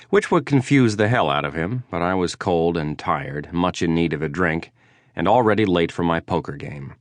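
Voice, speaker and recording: A man with a very deep voice reads a first-person audiobook in a dry, wry, understated way. The studio sound is close with no room at all. His delivery stays level and unhurried. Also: no room sound. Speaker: audiobook narrator. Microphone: close studio mic.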